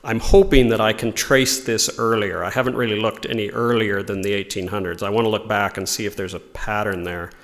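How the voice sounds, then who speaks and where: A man's voice: on the low side, fairly even intonation, a little fast, hardly any pauses, fairly bright tone, in a large hall. Man teaching a reflective religious lesson. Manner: thoughtful, explanatory, reads quotations aloud.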